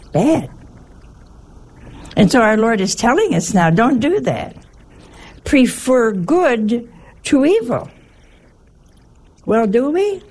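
A woman's voice: fairly low pitch, gravelly, mellow, slightly rough. A woman giving a conversational sermon in a folksy, humorous way, full of rhetorical questions. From Italian family. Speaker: religious teacher.

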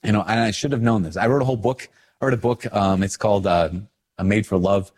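A man with a slightly low voice talks casually to camera as a priest. He is animated and self-deprecating, often stopping to search for the right word. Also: quick pace. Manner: animated, self-deprecating, acting out his own reactions. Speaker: priest, video host.

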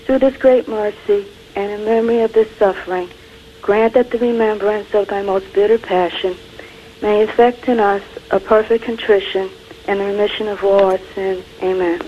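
A woman calling in to a show, earnestly reciting a traditional prayer in a measured way. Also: medium pitch, steady tone. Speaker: caller. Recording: muffled phone line with faint hiss.

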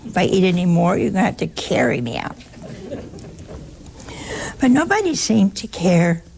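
An American woman, a nun, giving a chatty talk to an audience, telling stories with animated asides. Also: on the low side, moderate pace, vocal fry, a little hiss or hum. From United States. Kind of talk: casual spoken talk to an audience.

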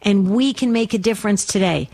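A woman hosting a call-in radio show, speaking in an encouraging and earnest way. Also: medium pitch. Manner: encouraging, warm, slow and earnest. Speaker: radio host.

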